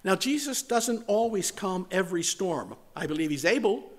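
A man with a rather high voice preaches a sermon as pastor. He swings between forceful emphasis and soft, almost whispered words. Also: very animated, moderate pace. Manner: dramatic shifts from loud to hushed, near-whispered words.

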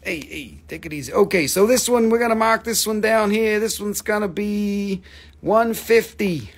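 A man's voice: sits high, normal speed. A man hosting a live mineral sale in casual, joking patter, teasing his viewers and swearing now and then.

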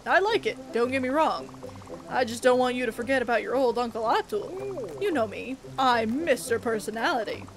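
Game read-along: a streamer doing a chatty old uncle frog, boastful, high and loud. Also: female voice, animated, normal speed, crowd noise. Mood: wistful. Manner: boastful, reminiscing.

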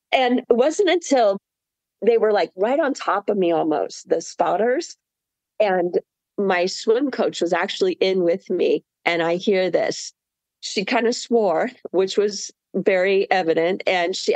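Woman guest, lively laughing storyteller, mid pitch, dry close sound. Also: normal speed, no echo. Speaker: marathon swimmer guest. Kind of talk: storytelling interview.

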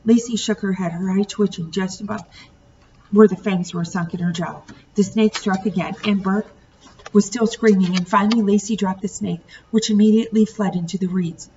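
A woman teacher reading a novel aloud to her students, pausing to ask the class questions. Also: medium pitch, fairly even intonation, a little mellow. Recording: distant muffled home recording, faint hiss.

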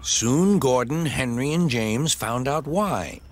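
A man doing storybook narration in an expressive, deliberate way. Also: medium pitch.

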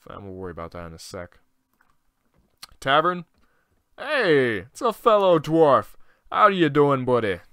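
Young male gaming host, bright, forceful voice; loose, profane, thinks out loud. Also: mid-range voice, gravelly, clean tone, dry recording, studio quality. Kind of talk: casual let's-play commentary.

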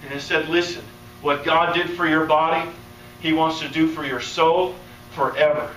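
An American man preaching a sermon, telling a healing story and acting out its dialogue, his voice climbing high as he gets excited. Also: normal speed, a little hiss or hum. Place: church or conference hall, live audience. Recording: echoey hall, voice from a distance.

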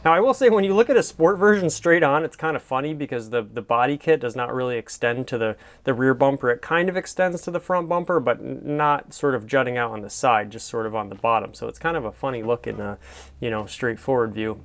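Gushing man with a smooth voice. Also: medium pitch, a little fast. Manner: gushing, enthusiastic, meandering with fillers. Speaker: car reviewer. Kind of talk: casual commentary over photos.

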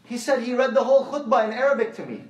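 A man's voice: very high-pitched, fast talker. A male preacher giving a conversational sermon, telling stories and repeating his phrases as he makes his point. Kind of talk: sermon with anecdotes. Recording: echoey hall, mic at a distance.

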